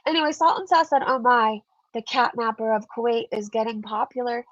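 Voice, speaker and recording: A woman's voice: a little high, brisk, a bit bright, dry recording, dull audio. A woman hosting a casual commentary vlog, chatty and sarcastic, sounding stuffed up as she reads viewer comments. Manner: chatty, sarcastic, laughs often. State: stuffed up, congested. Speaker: commentary channel host.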